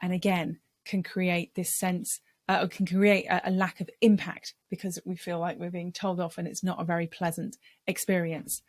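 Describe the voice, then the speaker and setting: Woman voice coach teaching speaking tips, low-ish voice, dry recording, steady explaining. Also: no echo. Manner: clear, measured explanations with vocal demonstrations.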